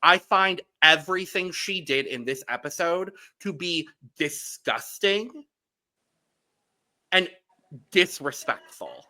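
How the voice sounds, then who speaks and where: A man's voice: fairly high pitch, lively intonation, slow pace, sharp tone. A man co-hosting a podcast, giving blunt, emphatic opinions in casual chat. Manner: blunt, emphatic, piles up pointed adjectives. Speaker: podcast co-host. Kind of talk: casual reality-TV recap chat.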